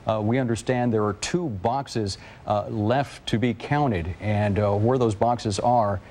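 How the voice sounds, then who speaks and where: A man reporting election results on TV news, with frequent fillers and pauses. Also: on the low side, noisy background.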